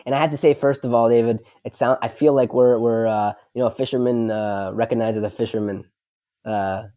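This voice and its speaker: A man speaking as a podcast guest, talking in a lively, rambling way and often restarting his sentences. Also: mid-range voice, a little fast, dry recording, studio quality. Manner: animated, rambling, self-interrupting. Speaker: podcast guest, company founder. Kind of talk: casual interview chat.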